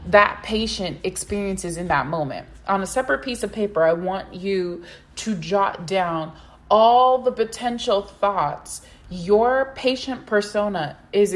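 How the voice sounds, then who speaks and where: A woman hosting a solo business podcast, giving advice in an emphatic way, repeating phrases for stress and asking rhetorical questions. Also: medium pitch. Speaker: podcast host, practice consultant.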